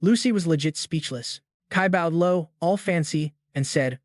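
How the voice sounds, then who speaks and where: Male narrator, slangy casual recap delivery, fairly high voice, dry close sound. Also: a little slow, dry recording.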